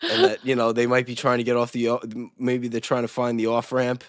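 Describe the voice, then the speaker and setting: A man chatting on a live stream, rambling and laughing his way through stories. His voice sits at an ordinary pitch, and the mic is close and dry with no room sound. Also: fairly even intonation, brisk, no echo. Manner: rambling, laughs often, restarts mid-sentence. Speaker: stream co-host. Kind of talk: casual chat.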